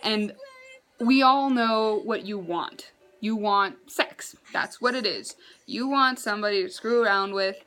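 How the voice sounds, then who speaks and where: A woman vlogger telling a story to the camera, exasperated and animated, laughing in disbelief. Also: mid-range voice, unhurried, soft background music.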